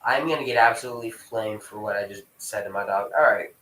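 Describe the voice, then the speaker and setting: A man's voice: fairly low pitch, quick pace, a bit bright, recorded from a distance. A young man telling a rambling personal story in casual vlog style, swearing freely and breaking off to scold his dog. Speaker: vlogger. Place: room at home with dogs. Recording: echoey room.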